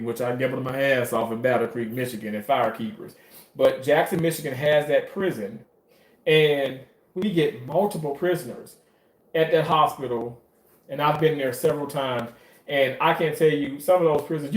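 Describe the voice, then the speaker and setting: A man talking in a casual monologue about his work in surgery, animated, profane and emotional as he tells stories. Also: fairly high pitch. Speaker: surgical staff commentator. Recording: roomy echo.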